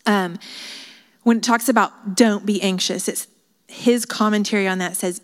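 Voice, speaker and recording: A woman's voice: medium pitch, steady tone, normal speed. A woman leading a women's Bible study, teaching in an earnest, chatty way with frequent asides and fillers. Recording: hall reverb.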